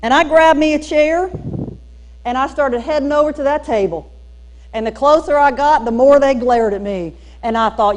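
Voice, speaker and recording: High-voiced Southern woman telling stories. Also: normal speed. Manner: animated, folksy storytelling with emphatic punchlines. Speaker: speaker at a teacher training day. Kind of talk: storytelling keynote talk. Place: church hall used for a school district training.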